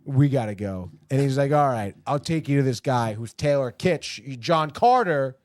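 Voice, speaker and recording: A man's voice: mid-range voice, normal speed, no room sound. A man hosting a podcast, animatedly retelling a TV episode and tossing off the characters' lines himself, with plenty of swearing. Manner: animated storytelling, voices the characters' quips in passing, swears often. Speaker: podcast host. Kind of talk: casual recap of a TV episode.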